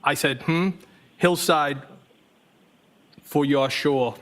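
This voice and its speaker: A man's voice: on the high side, drawn-out words, fairly bright tone. A man testifying as a trial witness, reading text messages aloud evenly and speaking the punctuation marks.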